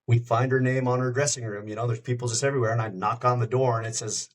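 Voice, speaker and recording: A man's voice: medium pitch, fast, poor audio. A middle-aged man, a radio host, telling stories casually on a podcast and acting out the voices he quotes. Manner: animated anecdote-teller, acts out quoted voices. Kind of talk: casual storytelling.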